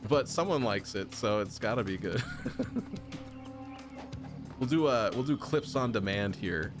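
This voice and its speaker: During a gaming livestream backed by game music, a man with an expressive, lowish voice talks a little slowly. He rambles and jokes with his audience, often making himself the punchline.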